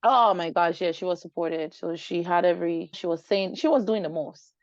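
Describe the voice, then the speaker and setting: A woman speaking as a guest in a personal storytelling interview, her pitch sitting a little low. She tells her story in an animated way and plays out the voices in the conversations she recounts. The recording is dry, dull and lo-fi. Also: moderate pace, no echo. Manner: animated, acts out quoted dialogue.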